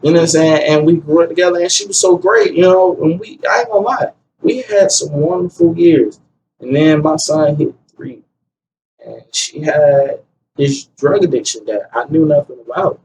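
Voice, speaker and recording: Young man, fairly high voice, talking from a distance over faint room noise; animated storyteller who acts out quotes. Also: moderate pace. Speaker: guest telling his story. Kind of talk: casual conversation.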